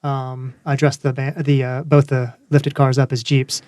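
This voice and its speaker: A man guesting on a car podcast, talking in a relaxed, rambling way with a lot of fillers. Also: mid-range voice, a little slow, no echo. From Georgia, USA. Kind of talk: casual chat.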